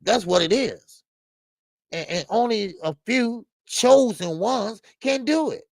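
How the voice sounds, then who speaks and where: A man's voice: slow pace, gravelly, dry recording. An older man hosting a boxing live stream, chatting casually with his viewers and speaking in with lots of fillers, his voice climbing when he protests. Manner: animated, repetitive fillers, rises in pitch when protesting. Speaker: boxing show host. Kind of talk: casual live-stream commentary, reacting to chat.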